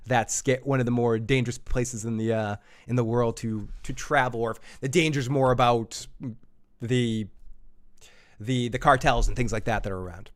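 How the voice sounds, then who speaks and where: A man's voice: medium pitch, a bit bright. A man hosting a live podcast, loose and jokey, laughing often and tripping over his words. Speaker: podcast host.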